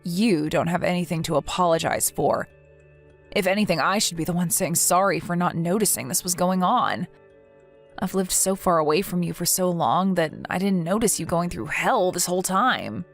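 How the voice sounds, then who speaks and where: A woman's voice: lowish voice, animated, moderate pace, soft background music. A woman voicing a caring, outspoken young woman who talks firmly and reassuringly, in a text-message story reading. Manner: firm and reassuring.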